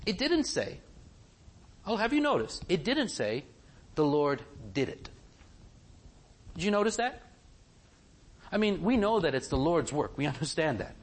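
A man's voice: on the high side, unhurried, pauses often. A man preaching a sermon, asking his listeners question after question. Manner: animated, asks the congregation many questions.

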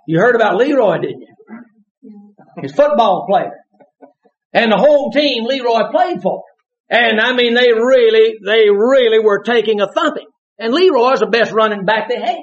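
Lively shouting preacher man. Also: high voice. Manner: animated, shouts punchlines and laughs while preaching. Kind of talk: sermon. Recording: dull lo-fi sermon recording.

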